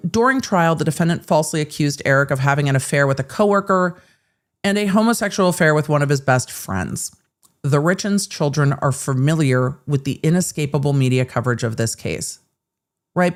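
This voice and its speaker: Sarcastic woman host, lowish voice. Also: a little fast. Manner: sarcastic, blunt, swears freely. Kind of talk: live legal commentary.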